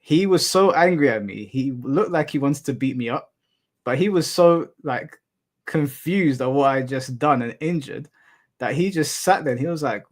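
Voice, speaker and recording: A man's voice: a little high, lively intonation, moderate pace. Chatty young man hosting a stream. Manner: rambling, anecdotal, casual swearing. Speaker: live stream host. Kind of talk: casual chat with viewers.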